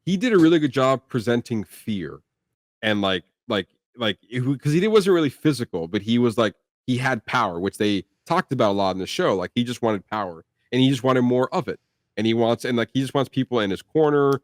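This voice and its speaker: A man's voice: medium pitch, lively intonation, fairly quick, no echo, clean studio sound. A young man co-hosting a film review podcast, chatting casually and rambling with plenty of fillers. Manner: rambling, lots of "like" and restarts. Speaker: podcast co-host.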